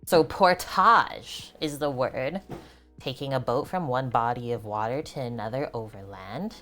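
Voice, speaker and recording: A woman's voice: very deep voice, moderate pace, a little mellow, faint music behind. A woman streaming while she cooks, chatting casually with viewers, answering their comments and laughing often. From Canada. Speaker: cooking streamer. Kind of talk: casual livestream chat while cooking.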